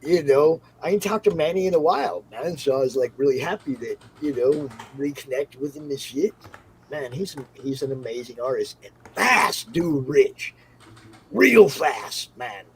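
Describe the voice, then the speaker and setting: A man's voice: mid-range voice, normal speed, slight background noise, rough recording. A man hosting a livestream, chatting casually in loose, profane slang. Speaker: stream host.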